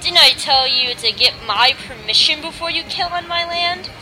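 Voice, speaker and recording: A woman voicing a smooth, commanding male boss who speaks coolly. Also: sits high, steady tone, moderate pace, voice pushed up, natural voice, poor audio. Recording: music playing behind.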